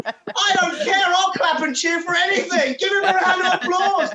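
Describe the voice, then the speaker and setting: A man hosting a live online comedy show, chatting casually and then shouting hyped-up introductions over a video call. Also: very high voice, moderate pace. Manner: loud, hyped-up emcee patter. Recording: noisy online call audio.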